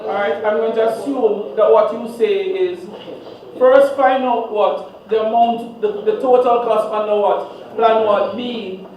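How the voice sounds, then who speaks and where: A man's voice: sits high, steady tone, unhurried, crowd noise. A man teaching a math class, drilling students with constant "what?" prompts to fill in the answers. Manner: call-and-response questioning, fill-in-the-blank "what?" prompts. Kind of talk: classroom exam walkthrough. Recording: echoey room, distant, dull.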